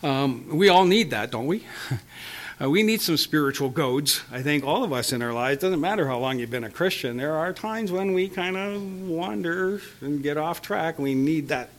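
A man preaching a sermon, reading scripture slowly and with emphasis, chuckling lightly between points. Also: mid-range voice. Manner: expressive, stretches quoted scripture slowly with emphasis.

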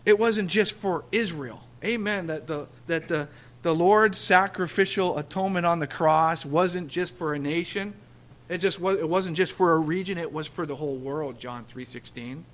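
Lively, chatty male preacher. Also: on the high side, normal speed. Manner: conversational, laughs often, acts out scripture dialogue. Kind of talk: sermon.

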